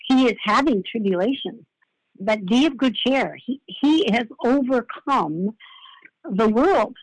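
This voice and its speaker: Older female preacher, unhurried devotional sermon, mid-range voice, repeats key lines. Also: medium pitch, no room sound, rough recording. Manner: reflective, repeats key phrases.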